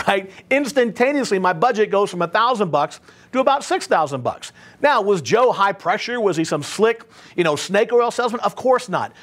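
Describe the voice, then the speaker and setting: A man with a high, bouncy voice coaches service contractors on selling. He tells stories with plenty of emphasis and keeps checking in with "right?". His pitch swings widely from line to line. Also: very animated, fairly quick. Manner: emphatic storyteller, tags points with "right?". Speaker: sales trainer for home service contractors. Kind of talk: motivational sales training talk.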